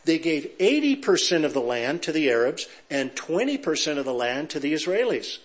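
Man, pastor, middle-aged, from Southern California, joking sermon, fairly high voice. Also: moderate pace. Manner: lively storyteller, joking with the audience. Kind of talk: sermon with humorous anecdotes.

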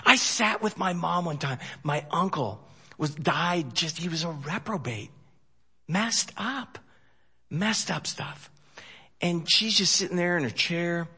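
A man preaching a sermon in a folksy, joking way, swinging from loud emphasis to hushed storytelling. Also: on the high side, animated, slow, husky. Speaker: pastor.

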